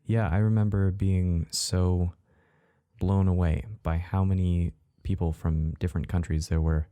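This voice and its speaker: A young man from Texas, a guest on a casual podcast chat, easygoing and quick to laugh. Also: deep voice, flat delivery, warm tone, clear, resonant tone, dry recording. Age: young adult.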